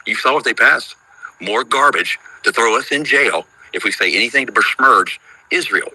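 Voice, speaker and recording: A man's voice: medium pitch, expressive, moderate pace, bright, forceful tone, husky, poor audio. A man in his fifties calling into a live audio chat, talking in a worried, rambling, emphatic way. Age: 50s. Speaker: caller on a live audio room. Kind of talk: casual chat.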